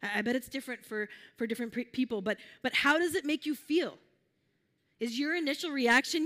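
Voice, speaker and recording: A woman with a slightly high voice delivers a sermon to her congregation. She talks in a gentle, earnest, conversational way, often restarting her sentences as she guides listeners through imagining a scene. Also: a little fast. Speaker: preacher.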